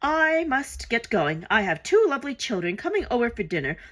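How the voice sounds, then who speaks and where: A woman's voice: on the high side, sing-song, a little fast, fairly bright tone, pitched above the performer's own voice. Woman doing a grumbling old witch. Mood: dismissive. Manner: grumbling, curt.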